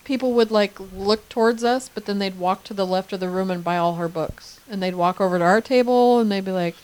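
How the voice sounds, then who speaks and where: Smooth mellow-voiced woman co-host. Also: medium pitch, fairly quick. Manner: animated, laughs often, acts out her own thoughts. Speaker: podcast co-host. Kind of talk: casual chat.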